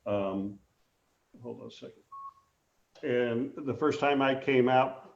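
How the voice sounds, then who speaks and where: An older man, a former ballplayer, telling animated stories in a casual interview, acting out the voices he quotes. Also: medium pitch, slow pace, gravelly, reverberant, lo-fi sound. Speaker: guest, former baseball player.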